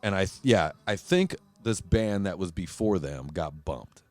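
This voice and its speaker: Man, podcast host, low voice, dry close sound, swearing, acts out quotes. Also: measured pace, no room sound. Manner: profane, animated storyteller acting out quotes. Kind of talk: casual storytelling chat.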